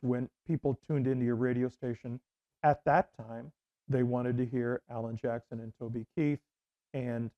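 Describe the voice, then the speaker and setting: A man's voice: mid-range voice, dull audio. A middle-aged man from Canada, a former radio host, telling rambling anecdotes in an interview with many restarts and fillers. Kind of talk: casual interview storytelling.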